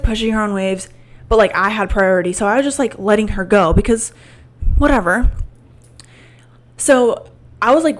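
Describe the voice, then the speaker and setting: A woman in her twenties hosting a podcast, telling a personal story in a casual, candid way, full of "like" and swearing. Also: medium pitch. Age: 20s. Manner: rambling, filler-heavy with frequent "like" and swearing; emotional and candid. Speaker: podcast host.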